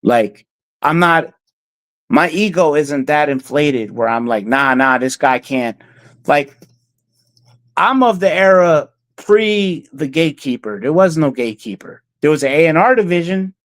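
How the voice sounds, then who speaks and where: A man with a fairly high-pitched voice and lively intonation speaks at a measured pace as an interview guest, a music producer chatting casually. He rambles, using lots of fillers and restarting sentences. There's no room sound.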